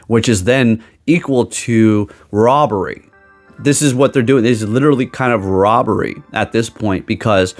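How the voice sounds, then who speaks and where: Rambling, sarcastic man ranting. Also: medium pitch. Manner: rambling, sarcastic, restarts mid-sentence. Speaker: gaming YouTuber. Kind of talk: ranting casual vlog. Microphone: desk microphone.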